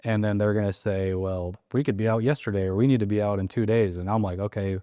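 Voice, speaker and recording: A man's voice: lowish voice, fairly even intonation, fast, mellow, no room sound. A man coaching on a sales process in casual chat, acting out lines from seller phone calls as he explains. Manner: acts out sales call lines in quotes. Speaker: real estate wholesaling coach.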